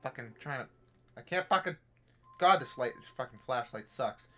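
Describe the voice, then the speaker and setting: A man's voice: mid-range voice, animated, normal speed, sharp tone. A young man giving live commentary on a virtual reality horror game, jumpy and jokey, swearing as he talks to himself. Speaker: gameplay streamer. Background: faint game music.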